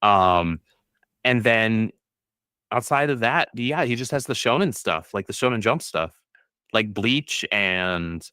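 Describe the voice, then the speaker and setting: A man with a lowish, forceful voice co-hosts a casual podcast chat. He speaks hesitantly, filling gaps and correcting himself, in a dry, close recording. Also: animated, slow, smooth, dry recording. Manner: hesitant, many ums and self-corrections. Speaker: podcast co-host.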